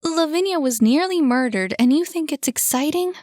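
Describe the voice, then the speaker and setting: Woman doing an indignant young guy, scoffing, high, sharp rises. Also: expressive, normal speed, dry recording, studio quality. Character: indignant young man, scolding.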